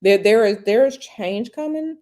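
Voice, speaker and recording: A woman's voice: on the high side, expressive, moderate pace, darkish tone. A woman giving a live-stream tarot reading, speaking conversationally and repeating phrases for emphasis. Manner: reads viewer questions aloud and answers directly. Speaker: tarot reader.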